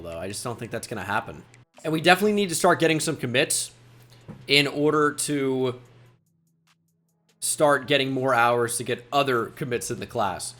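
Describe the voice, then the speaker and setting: A man commentating a football video game as he plays, musing quietly and then shouting at big plays. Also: medium pitch. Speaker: gaming YouTuber. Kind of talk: gameplay commentary.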